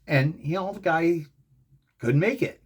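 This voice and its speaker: A middle-aged man hosting a fan show, telling a rambling, excitable story in casual commentary. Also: a little high, a little slow. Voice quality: gravelly, husky.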